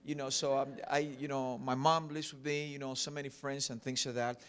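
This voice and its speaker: A man's voice: mid-range voice, level tone, a little fast, fairly bright tone, clear, resonant tone. A middle-aged man from Cuba with a Cuban Spanish accent, preaching a sermon earnestly with many fillers. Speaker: pastor.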